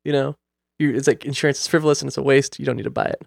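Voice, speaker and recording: A young man telling a story in casual chat, animated and acting out the quoted dialogue. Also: mid-range voice, rapid-fire, gravelly, no room sound. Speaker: guest storyteller.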